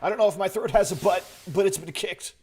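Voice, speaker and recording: A man with a high-sitting voice streams a game at a quick pace, chatting casually and rambling to his viewers with a slightly strained throat. He sounds relaxed and talks to chat, with slight background noise and faint background music.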